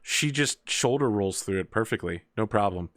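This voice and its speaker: Game master, male, mid pitch, casual filler-laden narration, dry close sound. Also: expressive, normal speed, dry recording. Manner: loose, filler-heavy narration.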